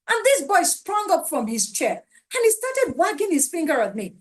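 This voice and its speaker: A woman's voice: very high-pitched, big pitch swings, normal speed, hardly any pauses. A middle-aged Nigerian woman giving a parenting webinar talk, emphatic and pleading with her listeners. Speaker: parenting speaker.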